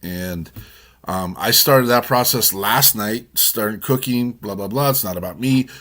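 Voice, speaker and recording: With a fairly low, unhurried voice, a co-host on a casual chat show tells a drawn-out story, warm and rambling, repeatedly circling back to restart it.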